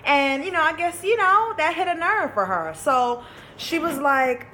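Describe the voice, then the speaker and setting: Young woman, high pitch, bright tone, casual storytime, chatty, swears freely. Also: lively intonation, unhurried, slight background noise. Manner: chatty and candid, swears freely, peppered with "like" and "you know". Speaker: vlogger.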